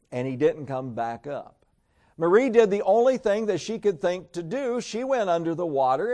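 Man, preacher, high voice, folksy storytelling sermon. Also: darkish tone.

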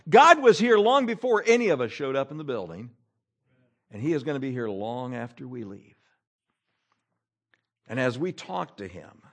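A man preaching a sermon in a church as pastor, animated, full of rhetorical questions and repetition. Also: a little high.

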